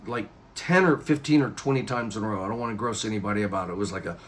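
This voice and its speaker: A man's voice: on the low side, very fast. A man telling a personal story to camera in a casual vlog, rambling with restarts and jumping into other people's lines. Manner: rambling, animated retelling with many restarts and acted quotes. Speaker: YouTuber.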